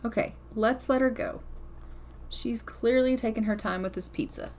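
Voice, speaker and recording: A woman with a slightly high voice talks through her game in a loose, chatty way. She is blunt and curses casually as she comments on what her characters do. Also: moderate pace, darkish tone. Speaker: gameplay commentator.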